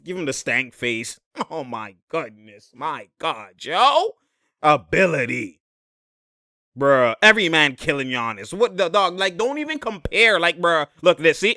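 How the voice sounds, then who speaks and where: A young man giving a casual, slangy breakdown of basketball footage. He gets excitable and laughs a lot. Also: fairly high pitch, no echo, studio quality. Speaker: basketball commentator.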